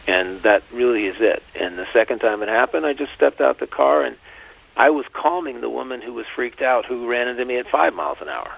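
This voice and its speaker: A man co-hosting a podcast, calmly telling a personal story in casual chat, with many restarts and asides. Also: medium pitch, brisk, creaky, breathy edge. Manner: calm, reflective, lots of restarts and asides. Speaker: podcast co-host. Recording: dull lo-fi podcast audio.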